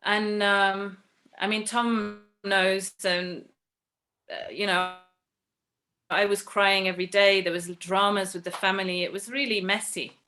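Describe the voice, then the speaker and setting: A woman's voice: mid-range voice, little pitch movement, a little slow, bright, forceful tone. A woman from England telling a personal story, chatty and earnest with many fillers, acting out the voices of others as she goes. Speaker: devotee sharing a personal story.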